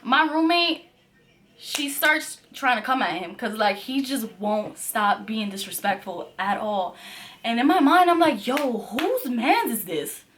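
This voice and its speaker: Woman in her twenties, fairly high voice, casual heated storyteller, swears freely, camera mic at home. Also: measured pace, slight background noise. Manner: animated, profane, heated retelling. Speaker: vlogger.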